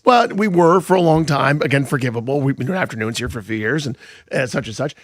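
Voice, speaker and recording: A man's voice: medium pitch, fast talker, dry recording, studio quality. A man co-hosting a radio show, telling a story in casual chat and acting out both sides of the conversation. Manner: storytelling, self-deprecating, acts out dialogue. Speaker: radio co-host. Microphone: studio microphone.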